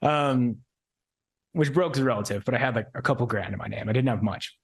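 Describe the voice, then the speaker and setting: A man's voice: medium pitch, a little fast, vocal fry. A man in his twenties, a podcast guest telling a story in loose, slangy casual chat full of "like" and "bro". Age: 20s.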